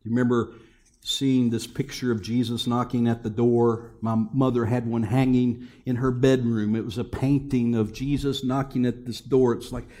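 Middle-aged male pastor delivering a sermon, mid-pitched, alternating between loud exhortation and hushed delivery. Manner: many rhetorical questions to the congregation.

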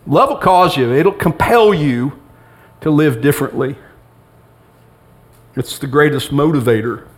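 A man's voice: fairly high pitch, expressive, a little slow. A middle-aged male pastor giving a sermon in a church, conversational and humorous, acting out bits of dialogue. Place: church sanctuary with congregation.

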